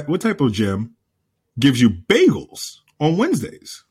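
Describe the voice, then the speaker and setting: Husky guy on a podcast, keeps repeating himself, swears a bunch, mid pitch voice. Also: measured pace. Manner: animated storyteller, repeats himself, swears freely. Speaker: podcast co-host. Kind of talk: casual chat.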